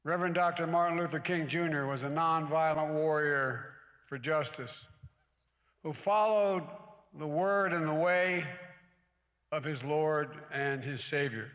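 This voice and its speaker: A man's voice: fairly high pitch, a little slow, a bit bright. A man in his eighties giving a public speech at a church service, mixing folksy asides with emphatic oratory. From United States. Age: 80s. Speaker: guest speaker at a church service. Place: large church sanctuary. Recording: long hall reverb in a large church.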